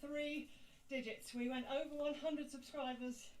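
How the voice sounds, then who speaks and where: A woman's voice: high-pitched, fairly even intonation, a little slow, crowd noise, low-quality recording. A woman co-hosting a vlog, presenting to camera in an upbeat way. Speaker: channel co-host.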